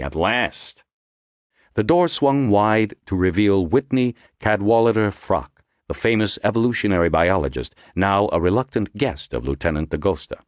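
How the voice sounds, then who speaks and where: A man narrating an audiobook in a measured, expressive storytelling manner. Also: low voice, no echo, studio quality.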